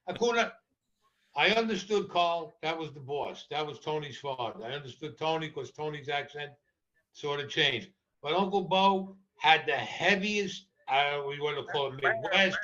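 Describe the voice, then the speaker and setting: A man's voice: on the high side, bright, forceful tone. A man telling stories as a podcast guest, blunt and profane, with a laughing edge. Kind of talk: casual storytelling. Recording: dull lo-fi audio.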